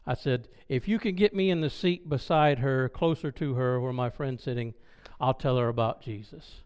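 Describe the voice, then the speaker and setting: A man telling a personal story in a sermon, animated and acting out the dialogue. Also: medium pitch, moderate pace, clean tone. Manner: loud when excited. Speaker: preacher.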